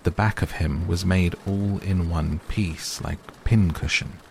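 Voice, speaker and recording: A man softly and gently reading a bedtime story aloud as narrator. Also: low voice, steady tone, measured pace, gravelly, slight background noise. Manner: gentle, hushed. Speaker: audiobook narrator. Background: soft rain sounds.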